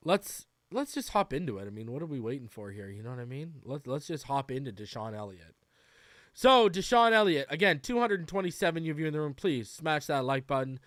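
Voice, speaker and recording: A man's voice: on the high side, big pitch swings, brisk, a bit bright, dry recording, clean studio sound. A male podcast host in casual livestream chat, loose and talkative, greeting viewers by name with frequent fillers and restarts.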